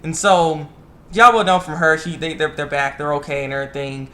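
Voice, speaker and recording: Young male anime vlogger, quick and bright, a bit high, acts out lines. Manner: animated, acts out characters' lines in quick voices. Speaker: anime reviewer. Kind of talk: casual episode recap.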